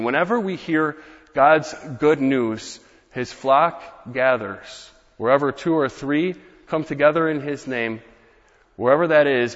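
A young male pastor delivering a sermon, earnest and building to emphatic rhetorical questions. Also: on the high side. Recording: muffled, echoey church hall.

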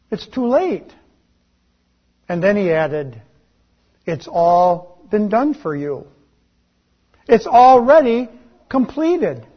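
Slow, husky-voiced male preacher. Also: high voice, dull audio. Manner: slow, deliberate preaching with emphatic drops. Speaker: pastor. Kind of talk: sermon.

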